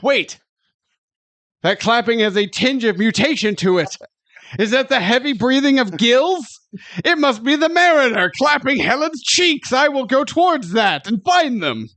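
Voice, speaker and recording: A man's voice: very high voice, big pitch swings, a little slow, fairly bright tone, no room sound, heavily acted. A man voicing a pompous male airship inventor who eavesdrops, in a theatrical, mock-formal way.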